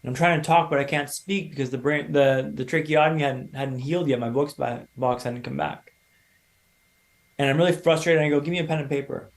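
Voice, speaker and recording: A man in his thirties from Canada, a podcast guest telling his own story in a lively, casual way and acting out other people's lines. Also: medium pitch, fairly quick. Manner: animated storyteller, acts out quoted voices.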